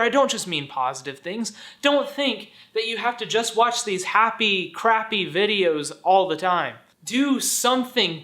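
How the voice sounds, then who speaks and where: A man with a high-pitched, bright voice delivers a faith-based motivational vlog. He is earnest and preachy yet playful, slipping into jokey voices to make his point. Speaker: vlogger.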